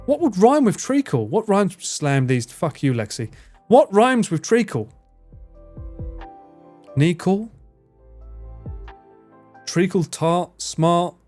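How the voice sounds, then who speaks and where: A man's voice: high-pitched, sing-song, slow pace, long pauses, darkish tone, faint music behind. A man from England with an Essex accent, chatting casually and teasingly with viewers on a live stream, swearing and laughing often. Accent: English, Essex.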